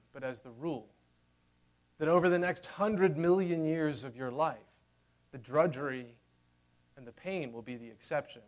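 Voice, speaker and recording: A man delivering a sermon in an easy, conversational way. His voice sits a little high, and he sinks into soft, hushed tones when he makes his central points. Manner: conversational preaching, dropping to a hushed tender voice for key lines. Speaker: pastor.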